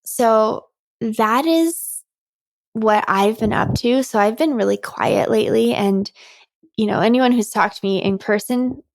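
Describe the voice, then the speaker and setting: A woman's voice: fairly high pitch, a little slow, no room sound. A woman hosting her own podcast as a coach, talking earnestly and animatedly about her month, often laughing between thoughts. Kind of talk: reflective solo podcast talk.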